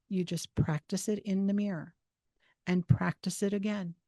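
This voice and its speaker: A woman hosting a self-help talk, giving steady, instructive advice and repeating phrases for emphasis. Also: medium pitch, no room sound, studio quality. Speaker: host.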